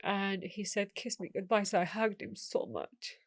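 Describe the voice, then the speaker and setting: A woman's voice: medium pitch, moderate pace, no echo, clean studio sound. A middle-aged woman, a guest telling her life story in an interview, acting out the voices of the people she quotes.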